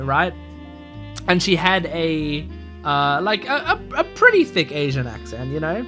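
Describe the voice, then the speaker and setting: A man with a bright, fairly high voice plays through a mystery game, reading its text aloud. He talks loosely and rambles, with lots of fillers and restarts. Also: big pitch swings, unhurried, faint music behind. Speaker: gamer playing a mystery game. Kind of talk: casual let's-play commentary, reading game text aloud.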